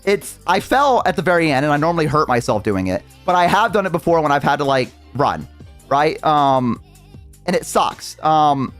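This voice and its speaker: A young male streamer telling a story in a loose, rambling way, full of fillers and casual swearing. His voice sits a bit high and swoops around a lot. Faint music plays behind him. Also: very animated, normal speed, a bit bright.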